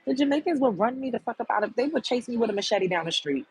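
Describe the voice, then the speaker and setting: A woman's voice: on the high side, animated, quick pace, darkish tone, breathy edge, low-quality recording. A woman hosting a livestream, giving a blunt, heated and profane commentary rant to her viewers. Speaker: livestream host.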